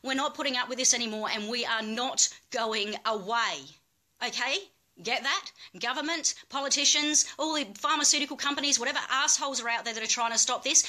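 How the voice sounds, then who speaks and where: A woman's voice: high-pitched, fairly quick, sharp tone. A woman speaking as a cannabis activist, making an angry, emphatic plea and repeating her points with swearing. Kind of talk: impassioned plea.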